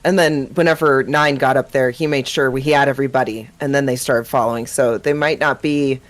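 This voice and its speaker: A woman's voice: rumbling low, steady tone, fairly quick. A woman player who recounts what happened in a hesitant, self-correcting way. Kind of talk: recounting in casual table talk.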